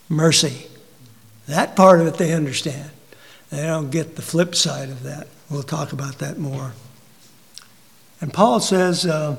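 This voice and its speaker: A man preaching a sermon in a high, ringing voice. He fires rhetorical questions, pushes up to emphatic peaks, then drops low and quiet. The recording carries a long reverb tail from a large hall.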